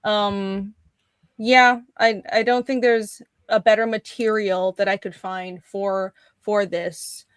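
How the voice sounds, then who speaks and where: A woman's voice: mid-range voice, fairly even intonation, slow, smooth, no echo. A woman co-hosting a comics livestream, chatting casually in a rambling way that trails off and restarts. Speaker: co-host and comic artist.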